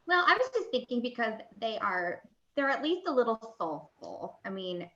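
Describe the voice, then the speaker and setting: A woman in a casual video-call chat, speaking in a soft, easygoing way. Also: fairly high pitch, sing-song, moderate pace, dull audio.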